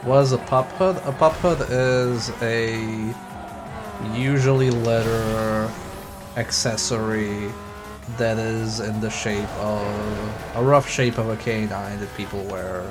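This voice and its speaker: A man's voice: fairly low pitch, steady tone, slow. A man streaming a racing game, chatting casually, swearing freely and acting out voices when he retells stories. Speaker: gaming streamer. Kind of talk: casual chat while playing. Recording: game music loud behind voice. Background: loud game music and car sounds.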